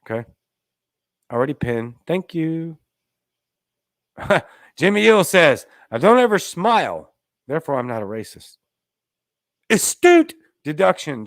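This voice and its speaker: Sarcasm and emphasis drive this Louisiana man's opinion-show monologue, his pitch climbing as the rant builds. He's a podcast host, recorded dry in a clean studio.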